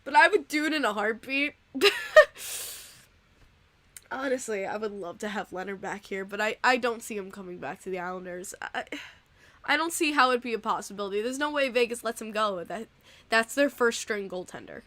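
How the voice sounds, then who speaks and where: A young woman hosting a casual live-stream podcast, reading out chat donations, chatty and quick to laugh and get emotional. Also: mid-range voice, expressive, bright, forceful tone, dry recording.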